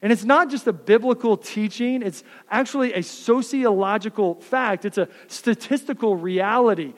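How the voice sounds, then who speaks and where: A man in his thirties, a pastor preaching a sermon, swinging from fired-up passion to quiet, close asides. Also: high voice, normal speed, hardly any pauses, long reverb tail. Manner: impassioned, builds up then drops to soft asides.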